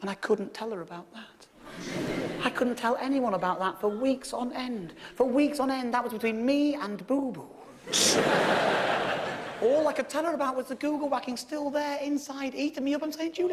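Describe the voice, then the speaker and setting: A man telling a stand-up comedy story in an animated way, swearing and sometimes shouting. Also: extremely high pitch, moderate pace, in a large hall, background noise.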